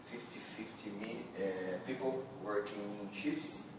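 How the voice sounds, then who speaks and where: Man, slow halting presentation, fillers, very echoey, far from the mic. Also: lowish voice. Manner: halting, searching for words, many fillers. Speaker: student giving a practice presentation. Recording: echoey room, far from the mic, faint noise.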